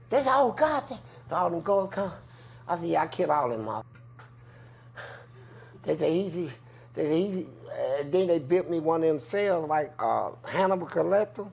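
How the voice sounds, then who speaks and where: A man in an interview telling prison stories in a loud, profane way, acting out voices. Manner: profane, acts out voices with big pitch jumps. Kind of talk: animated storytelling.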